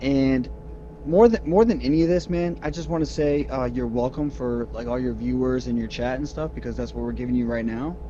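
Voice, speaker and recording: A male caller speaking in a measured way, trying to keep the argument reasonable. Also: mid-range voice, mellow. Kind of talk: call-in argument. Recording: muffled call line with faint noise.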